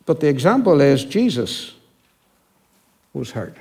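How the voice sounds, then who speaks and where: A man with a slightly raised pitch delivers a sermon as a minister. He speaks reflectively, slowing down to stress scripture and often sinking to a hushed voice for emphasis. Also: lively intonation.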